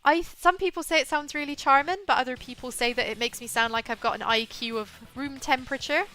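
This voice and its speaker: A woman from England with a softened Southwest English accent, chatting casually as a VTuber streamer between game scenes. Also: high voice, a little fast. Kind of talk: casual gaming commentary.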